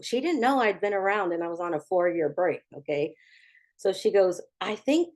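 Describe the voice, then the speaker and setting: Candid storytelling woman, low voice. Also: animated, moderate pace, darkish tone. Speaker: recovery speaker. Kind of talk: personal recovery testimony.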